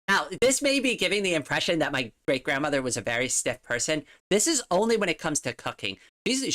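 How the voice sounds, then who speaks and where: A woman's voice: deep voice, a bit bright. A woman streamer chatting casually at home on a desktop mic, rambling with lots of fillers and frequent giggles. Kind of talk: casual livestream chat.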